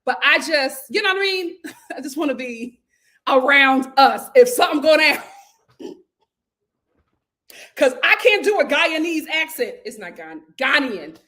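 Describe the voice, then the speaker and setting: A woman's voice: sits high, unhurried, pauses often. A young woman hosting a casual live stream, reading viewer comments aloud and chatting back with frequent laughs and restarts. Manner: chatty and animated, laughs often, stammers and restarts.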